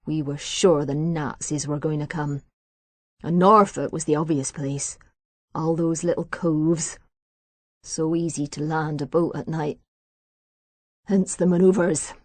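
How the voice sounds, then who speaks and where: Woman putting on a gruff proud old veteran. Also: low voice, fairly even intonation, slow pace, dry recording.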